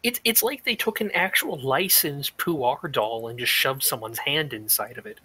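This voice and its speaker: A stream co-host chatting casually and excitably, laughing often. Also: medium pitch, moderate pace, slightly rough. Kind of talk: casual chat.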